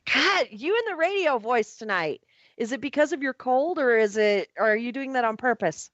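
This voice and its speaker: A woman hosting a casual radio talk show, upbeat and quick to laugh. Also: fairly high pitch, lively intonation, a bit bright, no room sound. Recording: muffled radio broadcast audio.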